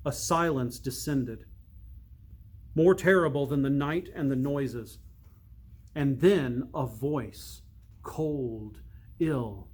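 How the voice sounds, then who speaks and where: A priest reading a storybook aloud, slow and measured, dropping to a hush for suspense. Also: male voice, mid-range voice, breathy edge.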